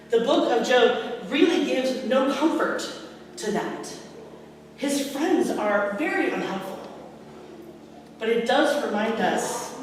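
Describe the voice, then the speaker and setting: A woman pastor delivers a sermon, animated and playful, acting out the quotes she reads. She is picked up from a distance in a church with a long reverb. Faint noise sits under her voice. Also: fairly high pitch. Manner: animated, acts out scripture quotes, laughs often. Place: church sanctuary. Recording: echoey church hall from far off.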